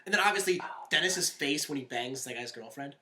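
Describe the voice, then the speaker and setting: Podcast co-host, excitable casual chat, bright voice, roomy echo. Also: mid-range voice, brisk, a little hiss or hum. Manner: excitable, quotes lines with bursts of laughter.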